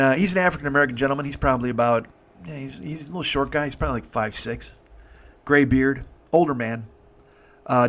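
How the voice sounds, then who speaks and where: A comedian in his fifties telling a story as a monologue. He swears freely and rambles, often restarting his sentences. His voice sits at an ordinary middle pitch. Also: fairly bright tone. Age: 50s. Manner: rambling, profane, many restarts. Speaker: comedian host.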